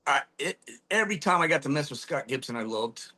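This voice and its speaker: A man's voice: fairly high pitch, expressive, brisk, sharp tone. A middle-aged man, a former military trainer, telling rambling, profane stories with frequent laughs as a podcast guest. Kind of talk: casual storytelling chat.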